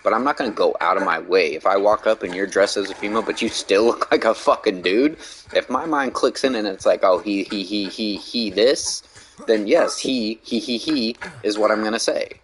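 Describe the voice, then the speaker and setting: A man's voice: lowish voice, a little fast, a bit bright, a little hiss or hum, low-quality recording. A man streaming a game, ranting bluntly in casual talk and swearing a lot. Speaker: gaming streamer. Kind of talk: casual rant while gaming.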